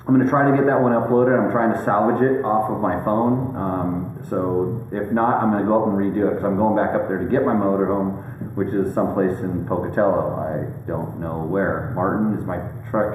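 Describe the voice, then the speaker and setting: A man's voice: low voice, steady tone, normal speed. Rambling man hosting in an echoey room. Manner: rambling, joking, many fillers and restarts. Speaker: host. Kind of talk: casual chat. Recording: very echoey room, faint background noise.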